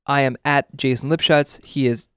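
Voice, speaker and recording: A man's voice: medium pitch, steady tone, moderate pace, clean tone, no room sound. A man hosting a pop music podcast, chatting casually and laughing easily, recording in a studio. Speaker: podcast host. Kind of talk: casual chat. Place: studio in New York.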